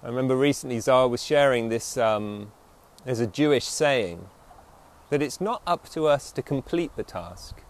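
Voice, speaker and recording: A man giving a reflective dharma talk as a meditation teacher, slowing to stress key phrases and often checking in with the listeners. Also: medium pitch, expressive.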